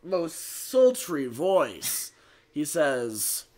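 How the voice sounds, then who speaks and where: A man's voice: fairly high pitch, sing-song, drawn-out words, darkish tone. A young man in his late teens telling a rambling story on a casual livestream, full of fillers. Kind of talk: casual chat.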